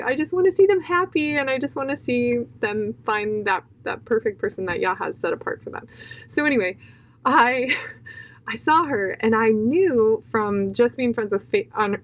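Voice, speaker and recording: A young woman, appearing as a guest, gives an emotional personal testimony in an earnest, heartfelt way, full of fillers and restarts. Her voice is medium-pitched and the audio is poor.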